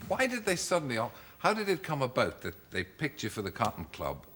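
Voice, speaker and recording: Quick teasing male chat show host. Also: medium pitch, wildly swooping pitch, a bit bright, a little hiss or hum. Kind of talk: talk show interviewing. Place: television studio.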